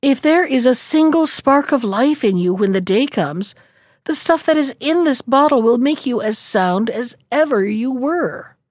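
A sorrowful young princess speaks in earnest, pleading tones, as a woman reads her part. The voice sits a touch high, and the sound is dry and close. It feels like a fairy-tale reading. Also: expressive, measured pace, darkish tone, no echo.

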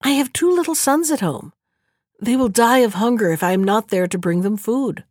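A pleading mother stork, as a woman puts her on for a storybook, high-pitched and urgent. Her voice sits dry and close to the mic. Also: animated, normal speed, darkish tone, dry recording.

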